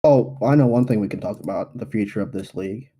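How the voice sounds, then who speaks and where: A man's voice: fairly low pitch, fast, warm tone, husky. A teenage boy hosting a racing league podcast in casual, joking, rambling chat. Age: teens. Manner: laid-back, joking, rambling.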